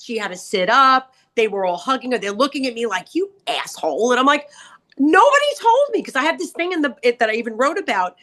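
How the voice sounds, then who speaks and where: A middle-aged woman telling salon stories in casual podcast chat, acting out quotes with big jumps in pitch. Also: lively intonation, quick pace, few pauses, sharp tone. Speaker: guest author, salon owner.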